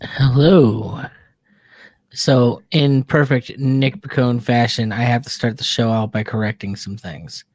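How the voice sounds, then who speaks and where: A man guest on a podcast, chatting casually and correcting facts with a relaxed, rambling way of explaining. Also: medium pitch, a little slow, no room sound. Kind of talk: casual chat.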